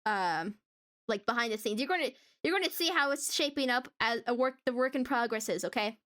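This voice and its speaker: A woman's voice: fairly high pitch, expressive, a little fast, a bit bright. A woman streamer chatting casually with her viewers while drawing, giggling often and stumbling over restarts.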